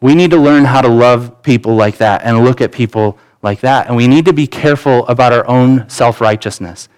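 A man in his thirties preaches to his congregation with an easy, conversational delivery. His voice sits at an ordinary middle pitch. He slips in personal stories and acts out the dialogue inside them. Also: normal speed, a little mellow, clean tone, poor audio. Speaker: pastor. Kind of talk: sermon. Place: church sanctuary.

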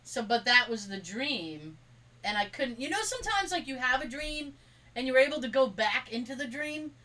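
A woman's voice: high voice, very animated, normal speed, bright, forceful tone, far from the mic, rough recording. A woman co-hosting a podcast, telling rambling stories in casual chat and acting out the quotes. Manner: rambling storyteller, acts out quotes, laughs often. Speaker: podcast co-host.

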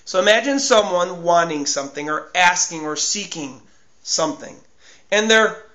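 A man's voice: high-pitched, unhurried, sharp tone, reverberant, highs cut off. A man preaching a sermon in an earnest, emphatic way, often repeating his phrases. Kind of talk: sermon on fasting.

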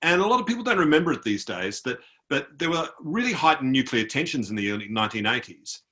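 This Australian author, appearing as a guest, is recounting a story over a video call and doing impressions of the people he encountered. He speaks fast in a mid-range voice that is very animated, bright and forceful, as part of a conversation.

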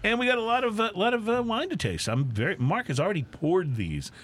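A man co-hosting a casual drinks podcast, chatting in a relaxed, rambling way with lots of fillers. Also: sits high, brisk, slightly rough. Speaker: podcast co-host. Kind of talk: casual chat.

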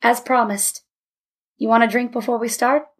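A woman voicing a father with a dry, gently teasing manner in a storybook reading. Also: fairly high pitch, steady tone, normal speed, lightly acted. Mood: wry. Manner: wry, teasing.

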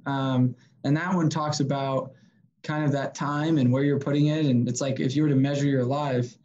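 A sales consultant in casual conversation, telling animated stories and acting out what people said to him. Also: male voice, mid-range voice, moderate pace, lo-fi sound. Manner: animated, story-driven, acts out quotes. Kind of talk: casual podcast chat, storytelling.

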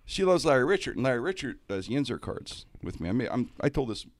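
A man's voice: mid-range voice, fast talker, dry recording. A man telling a story in casual talk-show chat, slipping into comic voices. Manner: animated, does comic voices mid-story.

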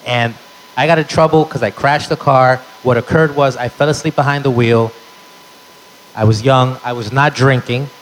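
A man's voice: mid-range voice, fairly even intonation, normal speed, slight background noise, poor audio. A man telling a stand-up story in a brash, profane way, tossing in Spanish phrases. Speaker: stand-up comedian.

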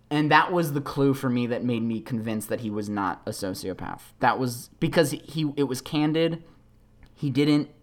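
Podcaster, solo monologue: casual, filler-heavy, animated storyteller who slips into quoted voices. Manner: shifts between excited high bursts and low, quiet asides. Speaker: podcast host, actor.

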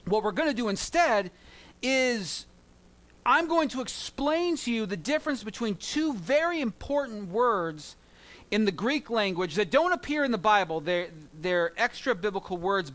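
A man with a high-pitched voice preaches to his congregation. He keeps it conversational and leans on key words by slowing right down. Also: very animated, fairly bright tone. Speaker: pastor. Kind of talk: sermon.

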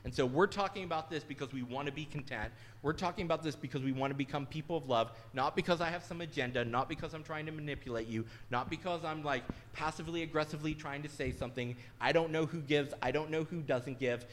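A man's voice: on the high side, fast talker, few pauses, slight background noise. A middle-aged man, a pastor, giving a sermon in a candid, conversational and self-deprecating way.

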